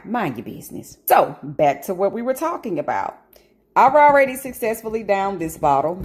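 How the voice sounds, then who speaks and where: At home, a woman vlogger talks casually to the camera with a voice on the low side. She's animated and emphatic, drifting into rants and bursts of laughter.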